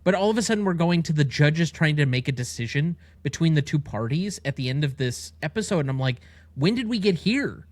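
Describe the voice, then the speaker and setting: A man's voice: on the high side, animated, darkish tone, no room sound. Analytical man on a dry mic. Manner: measured, analytical, critiquing legal details. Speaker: podcast co-host. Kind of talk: casual TV recap chat.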